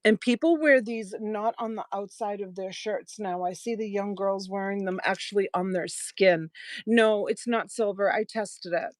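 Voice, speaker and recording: A woman's voice: medium pitch, normal speed, dry recording. A woman selling jewelry on a live stream in a chatty, affectionate way, thanking viewers by name. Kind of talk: casual live-selling chat.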